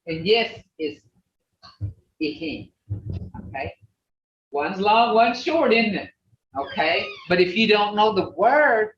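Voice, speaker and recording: A language teacher leads a class over a video call, folksy and plain-spoken, saying words over and over so students catch each sound. The delivery is unhurried, and the pitch swoops up and down with a lively lilt. The audio is distant and roomy, dull, with a faint hiss underneath. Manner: repeats native words slowly to drill sounds. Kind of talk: online language class, pronunciation drill.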